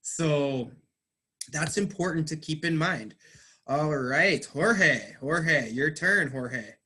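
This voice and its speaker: A man teaching English, explaining slowly and patiently, stressing words. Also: on the high side, bright, forceful tone, breathy edge. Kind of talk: online class teaching.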